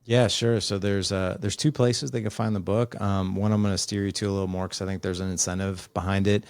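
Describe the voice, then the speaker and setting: A middle-aged author and father appears as a guest on a conversational podcast, his very deep voice level, fairly quick, darkish, and smooth. He tells family stories, acting out the dialogue in the voices of the people involved. The recording is close and dry, with no echo.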